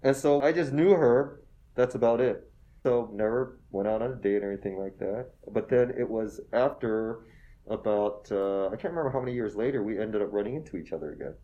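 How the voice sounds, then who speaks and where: A man in his forties telling stories as an interview guest, animated and self-deprecating, often tagging "okay?" onto his lines and going soft and emotional when he talks about his wife. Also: fairly low pitch, fairly quick, dull audio. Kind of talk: casual storytelling interview.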